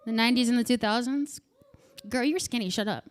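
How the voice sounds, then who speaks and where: A woman in her thirties doing stand-up with crowd work, profane and animated, bursting into shouts. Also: fairly high pitch, a little fast. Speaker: stand-up comedian.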